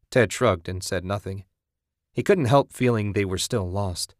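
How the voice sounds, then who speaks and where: A man narrating a story in a steady, even audiobook style. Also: fairly low pitch, measured pace, dry recording, clean studio sound.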